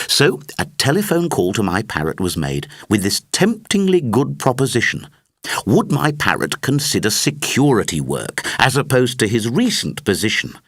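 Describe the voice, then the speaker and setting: A man narrating a comic rhyming story aloud with rhythmic, expressive delivery. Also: medium pitch, moderate pace, dry recording, studio quality. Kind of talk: storybook verse reading.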